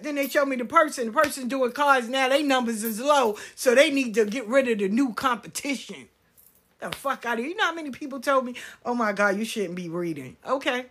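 A woman who reads spiritual cards, ranting to her viewers in a blunt, profane, emphatic way. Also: a little high. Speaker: spiritual card reader. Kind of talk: casual rant to viewers.

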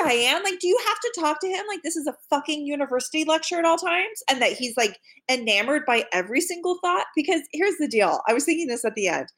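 A woman's voice: high-pitched, big pitch swings, quick pace, hardly any pauses, a bit bright. A woman co-hosting a casual film podcast, blunt and sarcastic, swearing freely. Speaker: podcast co-host. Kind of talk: casual movie discussion.

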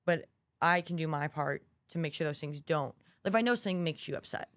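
A woman's voice: sits low, brisk, no echo, clean studio sound. A young woman who is a college student co-hosting a podcast, chatting casually and acting out the quotes in her stories. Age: young adult. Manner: chatty storyteller, acts out quotes. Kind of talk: casual chat.

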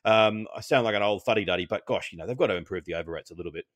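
A man's voice: fairly low pitch, very fast, fairly bright tone, dry recording. A man co-hosting a podcast, giving a chatty cricket analysis broken up by frequent ums and restarts. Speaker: co-host.

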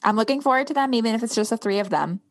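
A woman co-hosting a casual podcast, teasing and rambling in animated asides. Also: on the high side, very fast.

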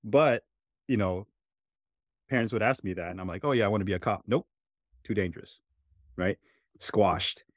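Low-pitched male podcast host, dry and close, reflective casual storyteller. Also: dry recording. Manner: reflective, many fillers like "right?" and "you know".

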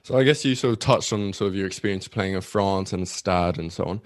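A man's voice: low-pitched, fairly quick, dry recording, studio quality. A man hosting a casual podcast interview, asking long, rambling, hedging questions. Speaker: podcast host.

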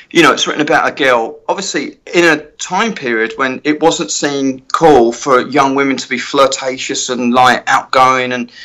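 A middle-aged man, a guitar tech, telling lively anecdotes in a casual interview and acting out other people's lines. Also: medium pitch. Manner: animated anecdote-telling with many quoted voices.

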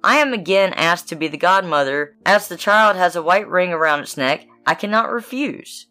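A woman's voice: lowish voice, animated, moderate pace, sharp tone, faint music behind. Sly liar cat, female, sweet-talking in a fairy tale; read by a woman. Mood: coaxing.

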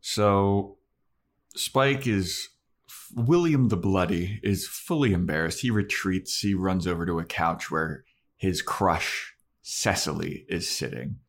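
A man with a fairly low voice talks slowly and retells a TV episode scene by scene. His casual chat is animated and easygoing. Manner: animated storytelling. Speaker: podcast co-host.

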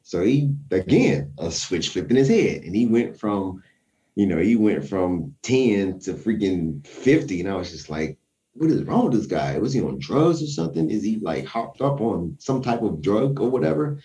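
Man telling a story, low and dark. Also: normal speed, recorded from a distance. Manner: animated, acts out his own quotes. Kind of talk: casual storytelling.

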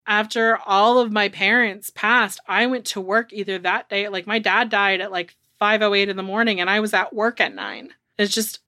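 A woman's voice: medium pitch, pushed and bright, no echo. Woman in her 30s chatting on a podcast, blunt, curses a lot, keeps saying like, dead dry mic. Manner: frank and candid, swears, heavy use of "like". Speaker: podcast co-host. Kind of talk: casual chat.

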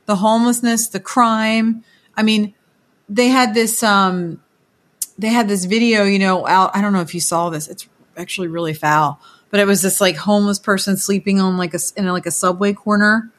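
A woman, co-hosting a casual political chat and telling lively stories. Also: mid-range voice, moderate pace. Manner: animated storytelling, acts out others' voices in quoted bits.

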